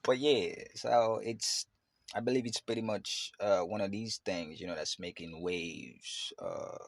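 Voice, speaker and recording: A man with a low, gravelly voice muses aloud as a podcast host. He rambles loosely and keeps circling back with fillers. The sound is close and dry, with no room around it. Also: measured pace, no room sound. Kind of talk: casual reflective monologue.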